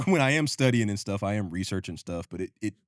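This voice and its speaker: A man's voice: on the low side, animated, fast talker, no echo, studio quality. A man co-hosting a podcast in casual chat, laid-back and slangy, chuckling often. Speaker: podcast co-host.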